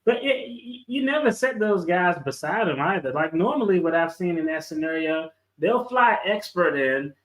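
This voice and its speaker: A man's voice: high voice, lively intonation, normal speed, hardly any pauses, fairly bright tone, reverberant, low-quality recording. A man, a guest lawyer, chatting casually on a video call and telling stories with a laid-back, chuckling manner.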